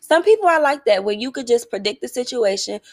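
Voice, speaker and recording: A woman's voice: fairly high pitch, animated, a little fast, no room sound, studio quality. A woman hosting a casual monologue, talking bluntly and emphatically, swearing freely as she shares her views and questions listeners. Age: adult, getting older. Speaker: podcast host.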